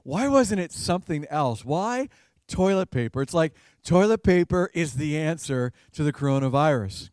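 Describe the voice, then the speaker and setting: A man's voice: a little high, animated, moderate pace, darkish tone, no echo, studio quality. A man preaching a sermon as a pastor in a conversational way, chuckling now and then and repeating words as he goes.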